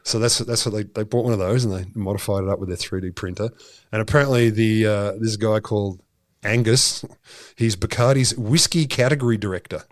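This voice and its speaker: An Australian man co-hosting a science podcast, telling stories in an animated, sardonic way with swearing. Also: fairly low pitch, fairly quick, no echo, clean studio sound. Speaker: podcast co-host. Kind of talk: casual comedic science chat.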